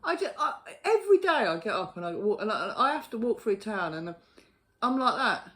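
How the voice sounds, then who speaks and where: A woman's voice: medium pitch, big pitch swings, fairly quick, fairly bright tone. A woman ranting to camera in a casual vlog, exasperated and sweary, often laughing in disbelief. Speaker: vlogger.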